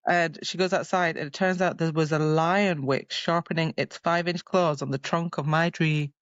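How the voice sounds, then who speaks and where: A woman's voice: low voice, fairly even intonation, normal speed, no room sound, highs cut off. A woman co-hosting a podcast, chatty and retelling scenes from a book in a casual, playful way. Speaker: podcast co-host.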